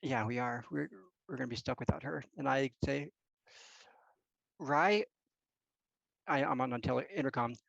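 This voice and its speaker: Gravelly-voiced guy playing tabletop, lots of ums, dead dry muffled mic. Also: mid-range voice, fairly bright tone, no room sound. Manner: hesitant, halting, many ums. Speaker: player. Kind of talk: tabletop game role-play.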